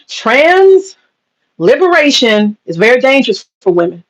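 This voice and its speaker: A woman's voice: sits high, expressive, moderate pace, highs cut off. A woman vlogger on a heated opinion rant, talking straight to her viewers, profane and emphatic, hammering her points with repetition. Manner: talks straight to viewers, says she is getting upset.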